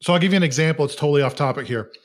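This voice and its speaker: A man in his thirties with a slightly higher voice, co-hosting a relaxed podcast. He talks in a wry, joking way and drifts into easygoing stories. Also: rapid-fire. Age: 30s. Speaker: podcast co-host. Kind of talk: casual conversational podcast.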